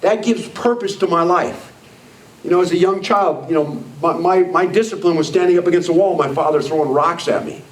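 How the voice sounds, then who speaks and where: A man's voice: a little high, fairly quick. A man in his sixties giving a motivational speech to a live audience, blunt and emphatic. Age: 60s. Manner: blunt, emphatic, repeating "I don't care" and "you know what?". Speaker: motivational speaker. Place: meeting room with an audience. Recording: echoey room, voice far from the mic.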